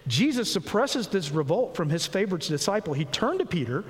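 Male pastor, high voice, expressive sermon delivery, echoing sanctuary. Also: fairly quick. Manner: expressive preaching, acting out quoted voices. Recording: long hall reverb.

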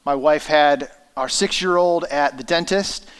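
A man's voice: on the high side, unhurried, a bit bright, clear, resonant tone. A man in his thirties preaching a sermon, telling a personal family story in an earnest, conversational way. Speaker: pastor.

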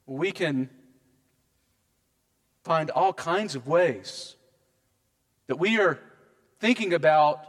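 Pastor guy giving a sermon, pretty high voice, long echo from a church hall. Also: fairly bright tone.

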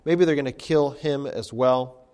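A man's voice: medium pitch, unhurried, darkish tone, clean tone, long reverb tail. A man, a pastor, preaching an expository sermon with rhetorical questions.

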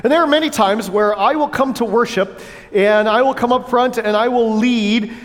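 A pastor preaching a sermon in a church, earnest but breaking into playful asides to the congregation on a wireless mic. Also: male voice, extremely high pitch, moderate pace. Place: church sanctuary. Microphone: wireless headset or lapel mic with battery pack. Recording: long church hall reverb.

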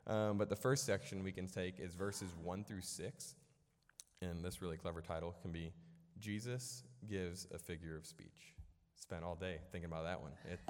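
A young man from Illinois giving a storytelling sermon in a church hall, casual and rambling with lots of fillers and self-deprecating jokes. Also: deep voice. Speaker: preacher. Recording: echoey hall with long reverb.

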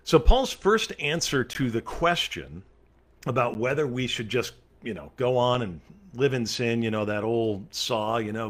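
A man's voice: medium pitch, expressive, measured pace. A male pastor leading a Bible study, reading scripture aloud and then explaining it earnestly and emphatically, with casual fillers along the way.

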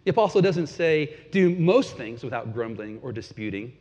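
A man preaching a sermon in a relaxed, conversational way, chuckling now and then and sometimes repeating words. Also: mid-range voice, normal speed. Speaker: pastor. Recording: dull lo-fi sound with long hall reverb.

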